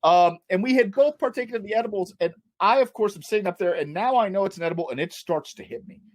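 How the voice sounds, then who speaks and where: A man's voice: sits high, quick pace. A man hosting a comedy panel over a video call, telling a rambling story with lots of fillers and giggles.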